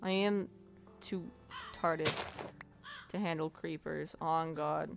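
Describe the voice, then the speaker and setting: A woman's voice: low-pitched, steady tone, takes it slowly, creaky, over music. A woman casually commentating her gameplay, playful and foul-mouthed, chatting to the animals she meets. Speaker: let's play gamer.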